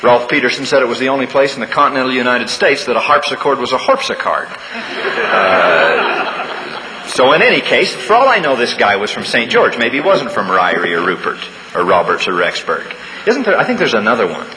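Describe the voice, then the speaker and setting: A man giving a humorous sermon to students, a folksy storyteller who pauses with uhs and restarts. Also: mid-range voice, very animated. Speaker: speaker at a campus devotional. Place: large church hall. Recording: large hall, faint room noise.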